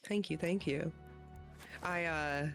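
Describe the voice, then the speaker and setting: A young woman guesting on a game stream, chatting in a relaxed, giggly way. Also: sits low, slow pace, soft background music. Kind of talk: casual gaming chat.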